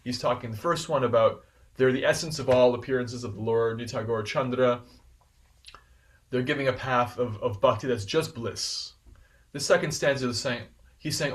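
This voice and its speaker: A man giving a devotional scripture class in an earnest, animated way, repeating phrases for emphasis. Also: mid-range voice, normal speed, recorded from a distance.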